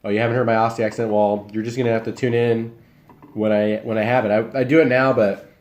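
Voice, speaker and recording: A man's voice: medium pitch, fast talker, muffled recording. A young man from Iowa, chatting casually with his live stream viewers and answering their comments while he eats. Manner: relaxed, rambling, talks while eating.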